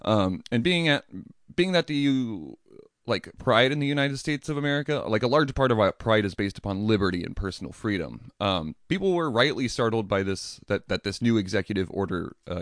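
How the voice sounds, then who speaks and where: Low-voiced man hosting a casual podcast. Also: a little fast, dry recording, clean studio sound. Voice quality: swears casually, laughs at own jokes. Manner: animated, acts out quoted people in mocking voices. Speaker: podcast host. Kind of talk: casual history podcast chat.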